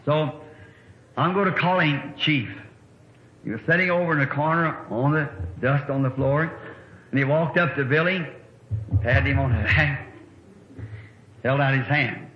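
A middle-aged man with a drawl delivers a rambling, folksy sermon story in a slightly high voice. The recording sounds old and dull, carrying a hall-like echo and a faint hiss behind him. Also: a little slow, pauses often. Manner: folksy, rambling anecdotal preaching. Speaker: preacher.

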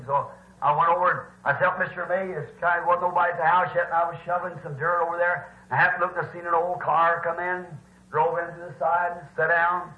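Man, preacher, animated folksy sermon, echoey church, lo-fi old tape. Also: on the high side. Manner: animated, shouting at peaks, folksy grammar. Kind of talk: storytelling sermon. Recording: roomy, dull lo-fi old recording.

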